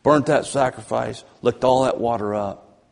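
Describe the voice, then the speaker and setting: A man preaching a fervent sermon as pastor, swinging between loud emphasis and low, drawn-out passages. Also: vocal fry. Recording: long church reverb.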